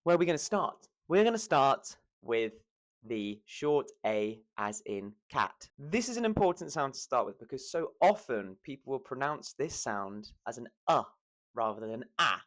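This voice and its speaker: A man with a Southern English accent teaching pronunciation to camera, stretching out vowel sounds to show them. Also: mid-range voice. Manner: lively, drawn-out demonstration of vowel sounds. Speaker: accent coach.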